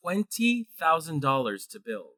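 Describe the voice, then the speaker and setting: Animated man co-hosting a podcast. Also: a little high, unhurried, dry recording, studio quality. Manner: animated, reads film trivia aloud excitedly. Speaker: guest co-host. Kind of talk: casual podcast chat.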